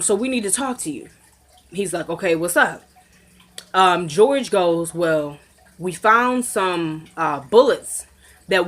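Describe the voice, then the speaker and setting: A woman's voice: mid-range voice, a bit bright. A woman casually recapping a TV drama episode for her viewers, retelling the scenes by acting out the characters' lines and talking straight to her audience. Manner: chatty, addresses viewers directly. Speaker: recap vlogger. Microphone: camera mic.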